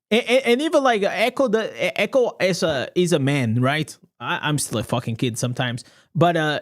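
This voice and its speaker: A man giving casual, excitable reaction commentary as a gaming content creator, chatty and laughing often. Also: on the high side.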